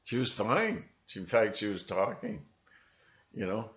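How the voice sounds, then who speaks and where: A man with a fairly low voice talks straight to his viewers in a loose, wandering monologue, now and then acting out what other people say. The recording sounds dull and lo-fi, with the top end cut off. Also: big pitch swings, a little slow, a bit bright. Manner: rambling, breaks into mimicking voices. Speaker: video channel host. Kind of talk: casual monologue to camera.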